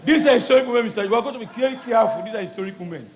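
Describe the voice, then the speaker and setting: A man's voice: very high voice, racing. A man, a member of parliament interrupting insistently from the floor. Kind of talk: heckling from the floor. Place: parliament chamber.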